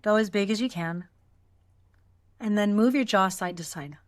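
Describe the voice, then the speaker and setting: A woman voice teacher talks a class through a guided vocal exercise in a calm, encouraging tone. She shows each step with sighs and yawns and walks the listener along. Her voice sits at an ordinary middle pitch for a woman. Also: normal speed.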